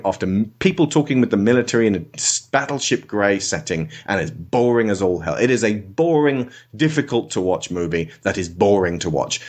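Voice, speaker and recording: A man hosting a podcast, giving a casual, sarcastic spoken film review and slipping into mock voices. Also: mid-range voice.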